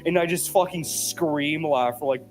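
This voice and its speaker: A young man hosts a casual podcast chat. He rambles through stories packed with swearing, his voice sitting a bit high for a man. Faint music runs under him. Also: unhurried. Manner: rambling, profane storytelling. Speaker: podcast host. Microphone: headset.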